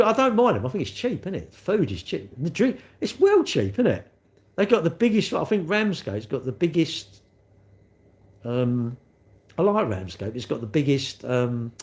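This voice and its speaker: A man's voice: medium pitch, very animated, normal speed, darkish tone. A man, chatting casually on a live stream and answering his chat with cheeky, rambling banter. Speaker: livestreamer reading chat.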